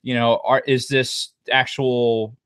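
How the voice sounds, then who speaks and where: A man's voice: mid-range voice, little pitch movement, slow pace, fairly bright tone, smooth, dry recording, studio quality. A man co-hosting a podcast, chatting casually in a rambling, profane, jokey way. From New Jersey. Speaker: podcast co-host. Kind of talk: casual chat.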